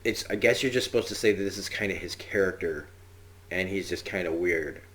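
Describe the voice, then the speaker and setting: A man's voice: low-pitched, fairly quick, fairly bright tone. A man casually reviewing a TV episode, rambling with fillers and acting out quotes. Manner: rambling, chatty, with frequent fillers and acted-out quotes. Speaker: TV review podcast host.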